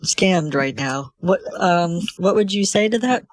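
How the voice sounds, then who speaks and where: A nervous elderly woman speaks haltingly into a voice changer, high and a bit thin. A man is putting her on through the effect. The sound is close and dry. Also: lively intonation, dry recording. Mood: fretful. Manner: hesitant, halting. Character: elderly woman on the phone, polite and worried. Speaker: streamer.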